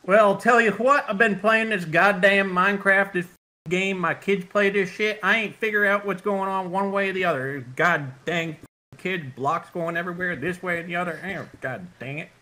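A man's voice: high-pitched, steady tone, normal speed, sharp tone, pitched above the performer's own voice. A man voicing a grumbling rural Southern father in an exaggerated drawl.

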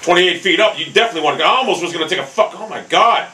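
A young man commentating his own golf video game, hot-tempered and swearing constantly, often bursting into angry shouts. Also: high voice, expressive, rapid-fire, a little hiss or hum, low-quality recording. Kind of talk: live gameplay commentary.

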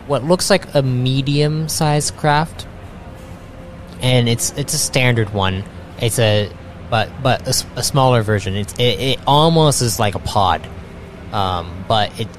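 A man narrating a tabletop game as game master, halting with many restarts. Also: fairly low pitch, slight background noise.

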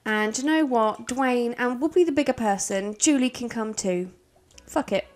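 A woman's voice: fairly high pitch, normal speed. A British woman giving cheeky, sweary, teasing commentary over a life-sim game she is playing. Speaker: gameplay commentator. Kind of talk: casual let's-play commentary.

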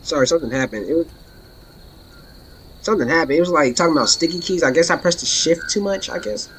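A woman streaming a horror game, commenting in a playful, slangy, trash-talking way and breaking into excited shouts. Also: sits low, fast, a little hiss or hum. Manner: excitable, bursts into laughing shouts. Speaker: gaming streamer. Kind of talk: let's play commentary.

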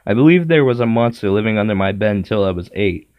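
A man's voice: on the low side, lively intonation, quick pace, dry recording, muffled recording, close to an everyday voice. A man voicing a shy, nervous sixth-grade boy who hesitates and stammers, read from a storybook. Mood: timid.

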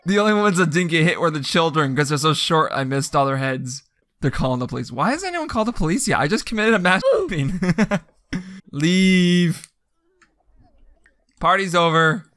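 A man doing goofy, dark-humored let's play commentary, bursting into laughs and yelps. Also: on the high side, no echo. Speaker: gaming YouTuber.

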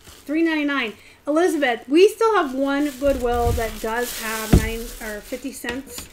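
A chatty woman hosts a live stream, her voice sitting a little high. She talks in an animated way and speeds up in quick bursts. A faint hiss of background noise stays under her voice. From Pittsburgh area, US. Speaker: live stream host, reseller. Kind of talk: casual live stream chat.

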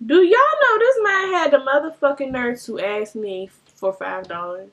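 Animated young woman telling a storytime. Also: high-pitched, normal speed, hardly any pauses. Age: young adult. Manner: animated, swearing, mimics voices. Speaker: beauty vlogger.

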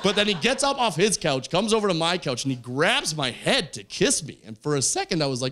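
A man doing a stand-up set on a club stage, telling a story with lively character voices. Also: high-pitched, a little fast. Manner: animated storytelling, acts out characters. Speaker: stand-up comedian. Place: comedy club stage with audience.

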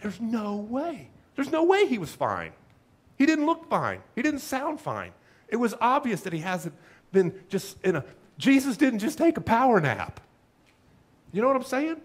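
A man preaching a sermon as pastor, animated and humorous, acting out little asides. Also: extremely high pitch, moderate pace, breathy edge.

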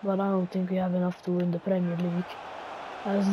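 Speaking a bit fast in a lowish, flat voice, this gaming channel host narrates her own football video game match. She grumbles at herself and mutters between calls, and the lo-fi recording sounds dull with a slight hiss.

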